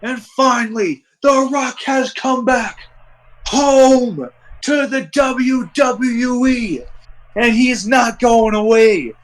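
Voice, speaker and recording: A man doing an impression of a boastful male pro wrestler, drawing out shouted catchphrases and trash-talking. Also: extremely high pitch, slow, voice pushed up, rough recording.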